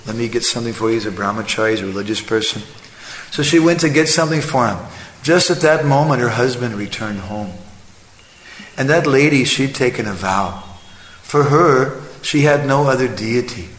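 Preacher in an echoey hall. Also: male voice, mid-range voice, lively intonation, moderate pace, fairly bright tone, slight background noise. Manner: conversational, checks in with the audience using "huh?". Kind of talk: sermon with storytelling. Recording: echoey hall, faint ambience.

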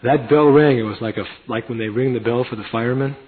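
A man's voice: mid-range voice, fast talker. A man telling a heartfelt personal story in a sermon, earnest and sometimes dropping to a near whisper. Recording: tinny phone-like audio.

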